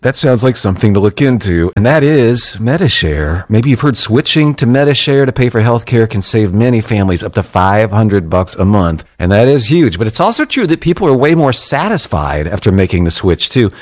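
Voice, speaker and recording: A man reading an advertisement with an upbeat, persuasive sales pitch. His pitch moves a lot and keeps the read lively. The voice itself stays at a middle pitch. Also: moderate pace, few pauses. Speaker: ad reader.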